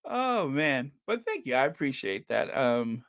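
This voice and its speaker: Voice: medium pitch, sing-song, unhurried, dry recording, clean studio sound. A livestream host reading the chat in a casual, chatty way, laughing often and stretching out repeated no's.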